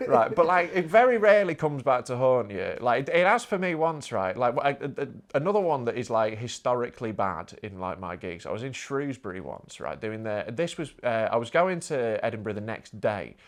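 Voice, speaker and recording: A man's voice: mid-range voice, big pitch swings, fairly quick, few pauses. A man, a stand-up comedian telling a story on a casual podcast, swearing a lot and laughing through his punchlines.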